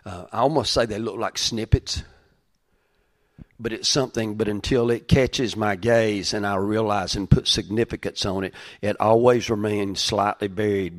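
A middle-aged man, a pastor, giving a conversational sermon in a folksy way, with side stories and frequent restarts. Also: lowish voice.

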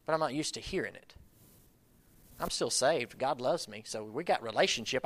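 Bright-voiced preacher, talking plainly. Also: male voice, medium pitch, lively intonation, brisk. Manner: conversational, rambling preaching with sudden loud bursts. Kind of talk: sermon.

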